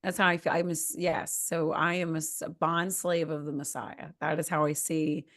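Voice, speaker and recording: A woman co-hosting a podcast in casual chat. Her voice is hoarse and slightly raspy from a lost voice, and she rambles with many fillers and self-corrections. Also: low voice, little pitch movement, moderate pace, a bit bright. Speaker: podcast co-host.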